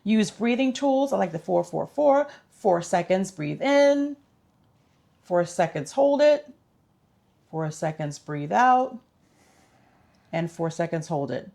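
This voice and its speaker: A woman's voice: mid-range voice, big pitch swings, slow pace, gravelly, long pauses, mellow. A woman vlogger giving casual tips in an upbeat, chatty, instructive way.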